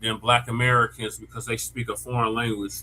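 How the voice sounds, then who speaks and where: A man's voice: mid-range voice, flat delivery, brisk, pushed and bright, poor audio. A man on a casual panel, dropping terse and dismissive remarks.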